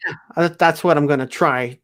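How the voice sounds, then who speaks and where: A man's voice: a little high, a little fast, a bit bright. A man hosting a casual live stream chat, eagerly thanking his guests and inviting them back.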